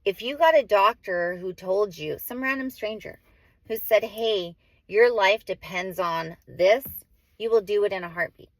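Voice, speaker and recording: A mother in her forties vlogs straight to the camera, heartfelt and rambling, full of "like" and self-corrections as she grows emotional. Her voice is medium-pitched and measured in pace, with no echo in the recording.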